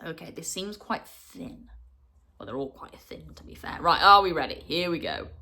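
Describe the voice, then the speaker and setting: A young adult woman hosting a retro gaming vlog, talking to viewers in a heartfelt, chatty way, full of fillers and quick laughs. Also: lowish voice, animated, bright, forceful tone. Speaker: retro gaming channel host. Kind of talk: casual vlog chat to viewers.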